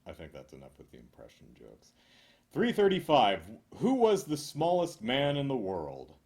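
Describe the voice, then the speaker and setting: A man reading a list of corny jokes aloud in a deadpan way, chuckling now and then and making dry asides. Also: mid-range voice, moderate pace. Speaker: joke reader.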